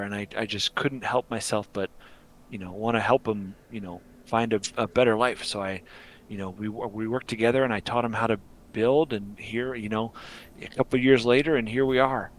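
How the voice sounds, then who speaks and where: A man's voice: on the low side, fairly even intonation, normal speed, lightly acted. A man voicing a weary gnome who poses as a goblin chief, hesitant and full of fillers. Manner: hesitant, rambling with many fillers.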